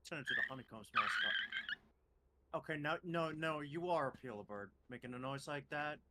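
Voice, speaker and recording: A man joining a group chat as a friend on a call, bantering excitably. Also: fairly high pitch, a little fast, heavy background noise.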